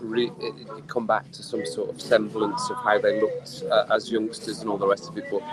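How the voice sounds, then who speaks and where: A man's voice: fairly low pitch, flat delivery, moderate pace, few pauses, crowd noise, rough recording. A man ranting in a rambling, exasperated way during a casual live stream from an outdoor poolside bar, audibly tipsy from drinking. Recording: clear music behind the voice. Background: music playing.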